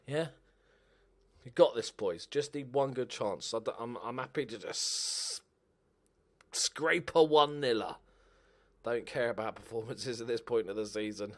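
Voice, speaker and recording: Excitable man commentating a game. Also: mid-range voice, measured pace, long pauses. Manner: excitable, swearing, talks to himself. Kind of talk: casual gameplay commentary.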